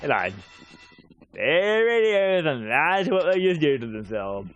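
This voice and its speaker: A man's voice: on the high side, very animated, measured pace, fairly bright tone, muffled recording, faint music behind. A man giving rambling, casual commentary while streaming a game, swearing offhandedly now and then.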